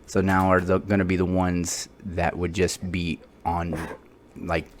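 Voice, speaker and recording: A man's voice: low-pitched, completely flat delivery, measured pace, a little hiss or hum. A man co-hosting a casual podcast, rambling and joking through sports banter. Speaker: podcast co-host. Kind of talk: casual chat.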